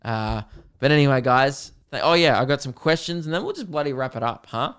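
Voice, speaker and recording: A young man hosts his solo podcast, rambling through stories in a loose, chatty way. His voice sits at an everyday mid pitch and sounds smooth and clear. He talks in a casual style full of fillers and the odd swear word. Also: big pitch swings, a little fast, fairly bright tone. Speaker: podcast host.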